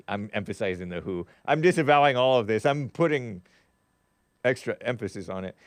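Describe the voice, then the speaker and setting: A man's voice: lowish voice, animated, fairly quick, no room sound. A man hosting a live talk stream, reading viewer chats with a wry tone and frequent laughs. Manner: wry, laughs often, trails off and restarts. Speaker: show host.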